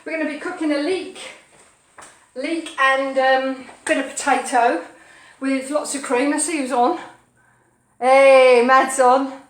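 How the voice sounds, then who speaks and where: A woman's voice: sits high, fairly even intonation, measured pace, roomy sound, distant mic. A woman hosting a casual live cooking stream from her home kitchen, chatting playfully with viewers as she cooks. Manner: chatty, playful, sing-song asides. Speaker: cooking show host.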